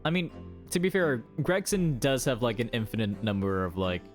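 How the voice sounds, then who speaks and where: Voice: mid-range voice, big pitch swings, normal speed. A streamer chatting casually while playing a game, amused and thinking aloud. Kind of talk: casual let's-play commentary. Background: faint game music.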